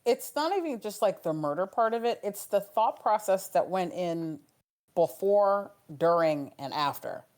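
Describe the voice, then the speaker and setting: A woman co-hosting a casual podcast chat, chatty and teasing with quick asides. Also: mid-range voice, lively intonation, a little mellow. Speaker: co-host.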